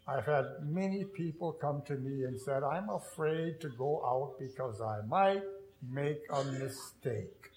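A man's voice: medium pitch, takes it slowly, darkish tone, reverberant, poor audio. A man who is a pastor, preaching an earnest sermon with storytelling and self-deprecating humor.

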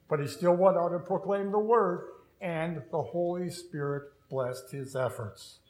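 A man's voice: fairly high pitch, a little mellow, echoey room, poor audio. A man who is a pastor, preaching an earnest sermon with storytelling and self-deprecating humor.

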